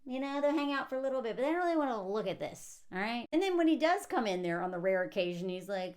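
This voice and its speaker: A woman giving casual film commentary in a sarcastic, animated way, laughing often as she talks. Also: on the high side, a little fast. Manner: sarcastic and animated, acting out characters' lines; laughs often mid-sentence. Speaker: movie commentator.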